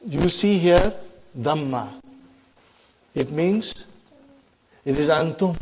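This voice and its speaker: A man teaching Arabic grammar in a classroom lecture, emphatic, often checking in with the class and reciting verses quickly. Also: fairly high pitch, animated, darkish tone, slightly rough. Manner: emphatic, keeps asking "huh?" to check the class.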